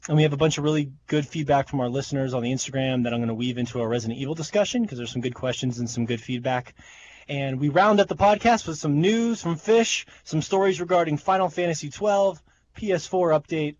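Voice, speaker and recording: A man's voice: on the high side, fairly quick, darkish tone, dull audio. A man hosting a gaming podcast, chatting in an upbeat casual way with fillers. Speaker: podcast host.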